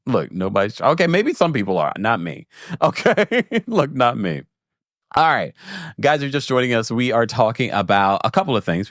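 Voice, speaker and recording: A man's voice: fairly low pitch, a bit bright, no room sound, studio quality. A man hosting a casual reality TV recap livestream, giving sassy commentary and reading chat comments. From Jamaica. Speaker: host.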